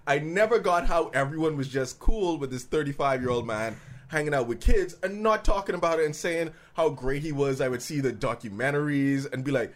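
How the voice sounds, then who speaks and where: A podcast co-host with a high-ish voice and a brisk delivery chats casually but argues his opinions at length. His voice climbs when he gets worked up.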